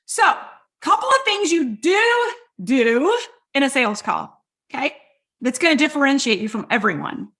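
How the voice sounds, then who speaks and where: A middle-aged woman hosting a podcast, coaching listeners on sales in a loud, hypey, direct way. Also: high-pitched, very animated, normal speed. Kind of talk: energetic teaching monologue.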